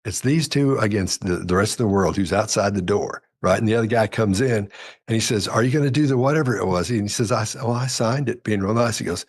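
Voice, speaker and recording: A man's voice: on the low side, fast talker, husky. A man speaking as a podcast guest, telling a long story in a rambling, self-correcting way and acting out the quoted dialogue. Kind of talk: casual storytelling chat.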